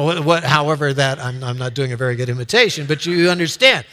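A man preaching a sermon as a pastor, telling a story with asides and halting restarts. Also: a little high, animated, bright, forceful tone.

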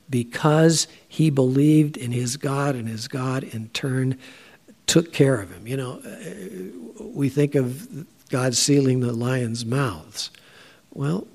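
A man giving a conversational Bible teaching, talking in a halting way with frequent filler sounds. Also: medium pitch, gravelly, darkish tone.

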